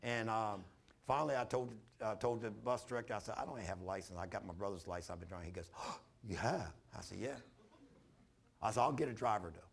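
Male pastor, gravelly and a bit husky, folksy sermon storyteller. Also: lowish voice, fast. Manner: folksy storytelling with animated retold dialogue.

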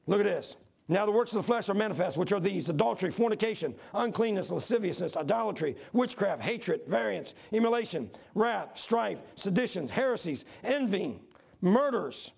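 A middle-aged man preaching a sermon as pastor, telling a personal story and repeating phrases as he builds to shouts. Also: sits high, expressive, normal speed, creaky, slightly rough.

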